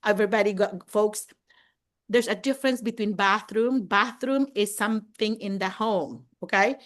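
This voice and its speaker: A woman in her fifties with a Filipino accent, hosting a casual video call with animated, chatty talk and frequent laughter. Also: mid-range voice, normal speed. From Philippines. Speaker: host and teacher mentor.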